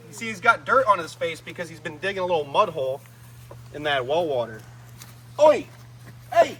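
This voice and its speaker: A man keeper hosting a casual vlog outdoors among animal enclosures, excitable and shouting at the animals now and then. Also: high voice, fairly quick, long pauses, a little hiss or hum. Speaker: reptile keeper and host.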